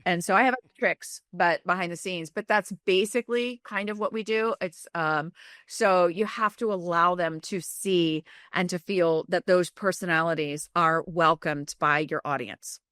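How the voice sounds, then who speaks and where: Woman coach on a podcast, lowish voice, dry close sound, confident and explaining things. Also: measured pace, no room sound. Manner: confident, explanatory, lively acted-out examples. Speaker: charisma coach, guest. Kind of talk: interview talk, coaching advice.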